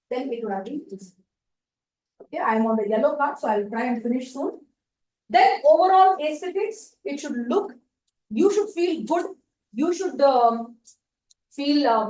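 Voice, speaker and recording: High-voiced woman in an echoey room. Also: a little mellow. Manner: emphatic, explanatory, repeats key points. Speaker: speaker giving a contest training session. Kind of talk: advisory workshop talk. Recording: echoey room, distant mic, faint noise.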